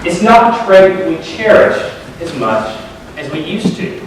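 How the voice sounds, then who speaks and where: Man, high voice, sermon, joke-telling preacher, very echoey hall, distant mic. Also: moderate pace, a little hiss or hum. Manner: joke-telling, animated storyteller. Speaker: pastor. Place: large hall at a community service.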